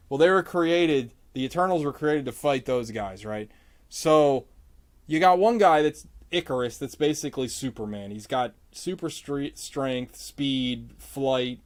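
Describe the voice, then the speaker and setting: A man vlogging while he draws, ranting casually about a movie in a rambling, profane way, his voice jumping up in pitch when he gets exasperated. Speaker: artist vlogger. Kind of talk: casual rant while drawing.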